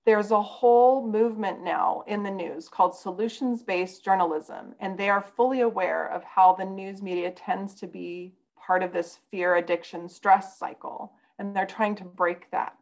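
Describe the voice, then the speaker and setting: Woman guest on a podcast, gravelly kind of voice, telling a personal story, very candid. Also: medium pitch, fairly even intonation, moderate pace, hardly any pauses, poor audio. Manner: earnest, candid, confessional. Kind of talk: casual conversation, personal storytelling.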